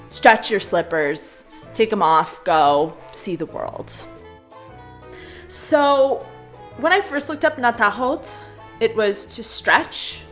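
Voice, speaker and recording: A woman's voice: mid-range voice, fairly bright tone. A young woman chatting casually as a vlogger, full of fillers and frequent laughs. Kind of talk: casual chat.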